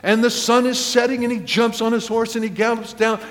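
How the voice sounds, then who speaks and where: A man's voice: very high-pitched, flat delivery, fairly quick. A male pastor preaching a sermon, telling stories animatedly with acted quotes and chuckles. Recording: long reverb of a large hall.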